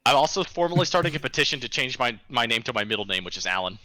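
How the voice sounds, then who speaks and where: Man, bright tense voice, casual gaming chat, rambling storyteller. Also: mid-range voice, sing-song, dry recording, rough recording. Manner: ranting storyteller, brisk. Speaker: streamer and unit leader.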